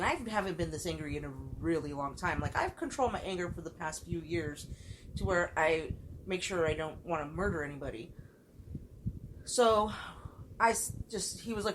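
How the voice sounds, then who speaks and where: A woman's voice: fairly low pitch, expressive, moderate pace, slight background noise, rough recording. A woman co-hosting a podcast, telling a story in casual chat with heated, profane delivery. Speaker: podcast co-host.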